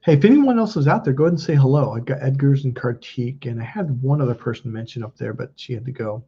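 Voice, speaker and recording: A man in his thirties hosts a livestream, telling his chat a personal story in a blunt, rambling way and swearing freely. His mid-range voice is creaky, fast, and lively in intonation. The stream audio is muffled and lo-fi, with slight background noise.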